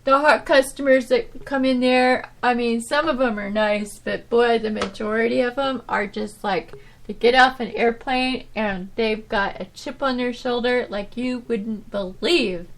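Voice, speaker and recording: A woman hosting her own podcast, telling stories from her old job in a rambling, animated way, full of restarts and "you know"s. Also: a little high, a little slow. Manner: animated, swinging from loud to soft. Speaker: podcast host. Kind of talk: casual storytelling monologue.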